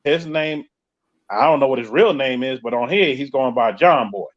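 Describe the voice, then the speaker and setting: A man's voice: medium pitch, lively intonation, normal speed. Host: New York man, chatty and joking, reading comments live, dull lo-fi sound. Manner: chatty, joking, reads viewer comments aloud. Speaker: podcast host. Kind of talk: casual live-stream chat reading comments.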